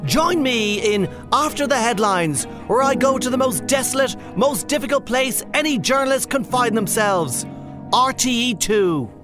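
A vain, self-pitying TV journalist, as a man plays him whines melodramatically. His voice is pitched high. Music plays clearly behind him. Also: lively intonation, normal speed. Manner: melodramatic, whiny.

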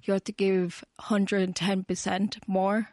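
A woman artist answering radio interview questions from a regional studio, measured and earnest. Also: mid-range voice, flat delivery, darkish tone, dry recording. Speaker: artist guest.

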